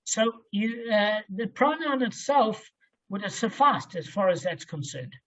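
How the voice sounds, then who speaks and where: A man's voice: high voice, animated, unhurried, fairly bright tone, low-quality recording. Man explaining a Talmud passage, step by step. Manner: talks through the reasoning step by step, with frequent "okay?" and "um". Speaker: Talmud study teacher. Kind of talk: explaining a Talmud text aloud.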